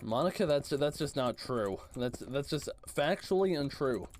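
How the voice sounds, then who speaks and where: A man's voice: medium pitch, lively intonation, normal speed, slight background noise. A man streaming a game live, reading chat messages aloud and answering them in a casual way.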